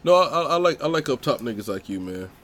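A man from Georgia with a Southern accent, hosting a podcast in casual chat and talking in animated bursts with restarts. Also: medium pitch, a little hiss or hum. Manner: rapid and animated, with repeated restarts. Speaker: podcast host.

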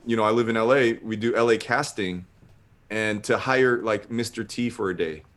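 A man's voice: on the low side, moderate pace, a bit bright. A man telling a long casual story, rambling with lots of filler words.

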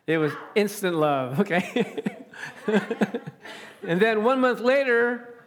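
High-voiced man preaching a lively sermon. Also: takes it slowly, crowd noise. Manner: animated, chuckling, calling out "amen?" to the congregation.

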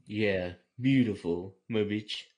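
Balto, a man voicing a gruff wolf dog. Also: on the low side, slow, darkish tone. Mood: sultry. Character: male wolf dog, gruff romantic mate.

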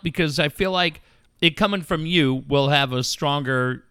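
A man in casual chat, giving blunt advice with quick reactions. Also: fairly high pitch, a bit bright, smooth, dry recording, studio quality.

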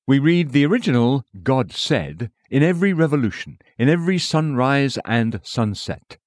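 Guy narrating a devotional book, measured, reads out the verse refs, pitch moves around a lot, dry close sound. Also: very animated, darkish tone, dry recording. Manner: measured reading that voices scripture citations aloud. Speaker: audiobook reader.

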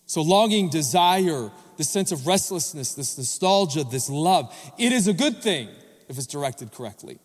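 A man with a fairly high voice preaches to his congregation, pausing to quiz them and ask for an amen. His words ring out with a long reverb that fills the large church hall. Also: expressive. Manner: engages the congregation with questions and calls for responses. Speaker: pastor. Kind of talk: sermon. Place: church sanctuary.

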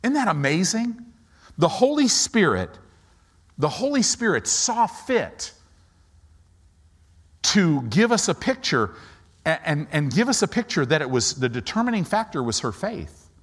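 A man's voice: very animated, measured pace, long pauses, a bit bright, breathy edge. A middle-aged man preaching a sermon, dramatically acting out Bible characters in different voices. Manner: dramatic, acts out Bible characters with swinging pitch. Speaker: pastor.

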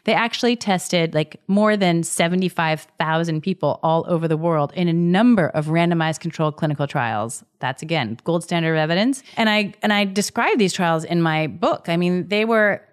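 A middle-aged woman, an author and interview guest, explaining at length in an animated way, often restarting her sentences. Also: on the low side, moderate pace, few pauses, clear, resonant tone. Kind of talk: conversational interview.

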